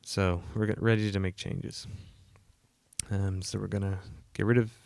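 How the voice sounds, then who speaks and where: Coding on a livestream from a cold home room, an indie game developer chats at normal speed in a flat, slightly mellow, gravelly voice lower than usual. He's croaky and yawning from a coming cold, rambling and self-deprecating with plenty of fillers; the recording is dry.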